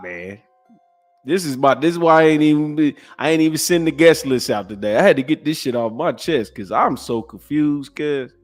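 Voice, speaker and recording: A man hosting a podcast, giving profane, preachy reaction commentary. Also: a little high. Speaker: podcast host.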